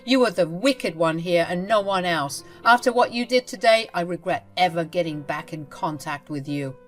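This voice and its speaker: A woman voicing an angry adult man, a husband and father, who speaks in a stern, forceful way. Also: on the low side, animated, moderate pace, faint music behind, natural voice. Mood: furious.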